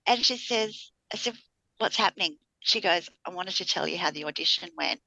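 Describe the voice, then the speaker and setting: A middle-aged woman with a bright, forceful tone tells a family story in casual podcast chat. She brings the people she quotes to life as she tells it. The sound is dry and a little dull. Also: on the low side, moderate pace, gravelly, dry recording. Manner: animated storyteller acting out quotes. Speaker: podcast co-host.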